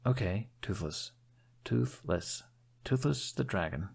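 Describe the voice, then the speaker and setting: Nervous young stranger as a male reader puts him on, thin-voiced, stammering, low and gravelly, audiobook. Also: lively intonation, slow pace, darkish tone, full character voice. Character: pale nervous young man from far away. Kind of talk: fan fiction audiobook reading.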